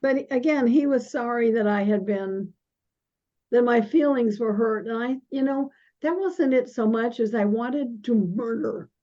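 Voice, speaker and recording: An older woman guest speaking in a casual conversation, halting and often restarting her sentences. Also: fairly high pitch, dark tone. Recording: dull lo-fi audio.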